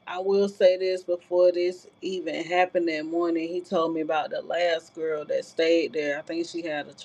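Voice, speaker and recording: A woman's voice: on the low side, flat delivery, normal speed, a little mellow. A woman vlogger telling a personal story in a casual, blunt, profane way, with frequent filler asides. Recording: dull lo-fi sound.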